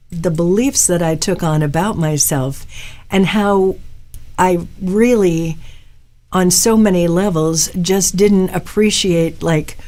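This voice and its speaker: A woman's voice: lowish voice, warm tone. A middle-aged woman from Florida hosting a live-stream show, chatting casually and rambling through personal stories. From Florida, USA. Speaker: host. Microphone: webcam live-stream mic.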